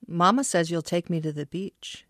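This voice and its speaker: A woman's voice: on the low side, normal speed, a bit bright, no room sound, clean studio sound, lightly acted. A woman voicing a curious, eager young girl, lightly raised from her own reading voice.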